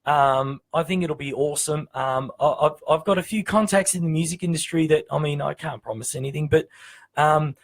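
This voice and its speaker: A man with an Australian accent hosting a casual music chat show, talking in a hesitant, halting way with many restarts. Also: on the high side. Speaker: show host.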